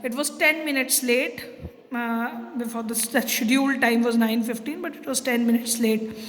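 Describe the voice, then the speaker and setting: A woman English teacher with a high voice walks through a textbook story. She reads a passage and then retells it in plain words, pausing on fillers. A long reverb hangs behind her voice. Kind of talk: explaining a textbook chapter.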